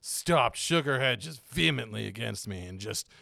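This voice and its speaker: Podcast guest, male, mid pitch, animated storyteller with frequent laughs, dead-dry close miking. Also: moderate pace, vocal fry, dry recording. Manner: rambling, animated storyteller who laughs often. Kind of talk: casual chat.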